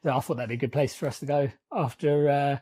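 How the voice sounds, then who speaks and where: Podcast co-host, man, animated storyteller, mid pitch, loose and chatty. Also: fast talker, husky. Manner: animated storyteller, laughs often, swears casually. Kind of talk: casual storytelling chat.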